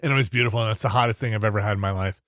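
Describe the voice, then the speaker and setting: A man hosting a podcast in casual chat, telling stories with lively acted-out quotes. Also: fairly low pitch, rapid-fire, very noisy. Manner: animated storyteller, acts out quoted lines. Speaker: podcast host.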